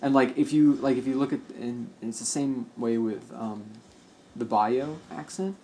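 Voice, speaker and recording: A man's voice: mid-range voice, unhurried, dark tone, slight background noise. An American man co-hosting a casual gaming stream, rambling through his opinions with frequent restarts and lots of "like". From United States. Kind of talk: casual chat while playing a game.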